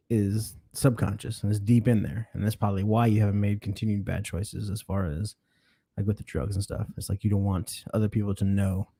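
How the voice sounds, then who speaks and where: Podcast host guy, lowish mellow voice, asking questions and theorizing, dry sound. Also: no room sound. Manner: probing, conversational. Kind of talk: casual chat.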